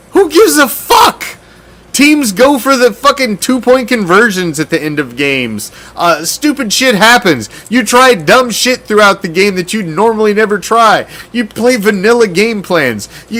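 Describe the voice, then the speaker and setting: A man's voice: high voice, pushed and bright. A man hosting a fan sports show, ranting in a heated, sarcastic and profane way, with loose stumbling restarts. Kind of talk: casual ranting commentary.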